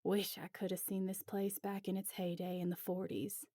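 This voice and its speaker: A woman's voice: mid-range voice, level tone, normal speed, dark tone, no echo, clean studio sound, natural voice. Woman reading as a hearty middle-aged man. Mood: nostalgic. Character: cheerful middle-aged man, jokey and proud.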